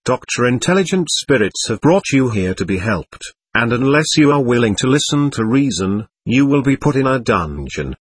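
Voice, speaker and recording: Man reading a stern, patient male doctor, husky, lectures steadily. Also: mid-range voice, very animated, normal speed, hardly any pauses, dry recording. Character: calm, firm male doctor questioning a spirit. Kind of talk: reading a séance transcript aloud.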